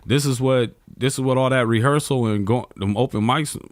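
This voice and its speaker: A man who is a comedian, chatting casually on a podcast and telling animated, slangy stories with plenty of swearing. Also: medium pitch, brisk, no room sound, studio quality. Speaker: comedian guest.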